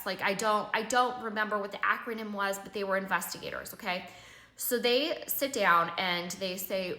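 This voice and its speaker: A young woman telling a personal story casually, animated and full of "like", acting out quoted dialogue. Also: medium pitch. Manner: animated, filler-heavy "like" retelling with quoted dialogue. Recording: echoey room.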